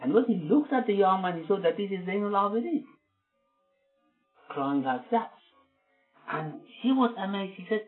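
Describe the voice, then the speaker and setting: A man giving an earnest religious sermon, translating scripture verses and explaining them with frequent pauses. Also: high-pitched, animated. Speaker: religious lecturer. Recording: tinny phone-line sound with faint music.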